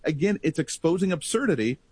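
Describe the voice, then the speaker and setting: A man talking in a casual political talk show, animated and rambling in long stretches. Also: fairly high pitch, fairly quick, slightly rough.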